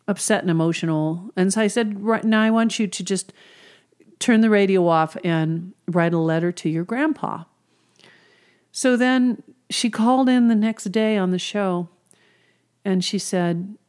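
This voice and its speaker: A woman's voice: on the low side, a little mellow. A woman hypnotherapist telling stories of her client sessions in an earnest, conversational way. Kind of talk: storytelling about client sessions.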